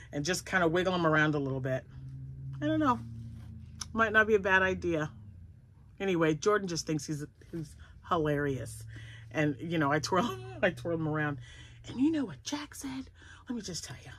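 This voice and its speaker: A woman's voice: lowish voice, lively intonation, normal speed, fairly bright tone. Rambling chatty grandmother crocheter. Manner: chatty and rambling, laughing often. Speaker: crochet vlogger. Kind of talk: casual chat. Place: home.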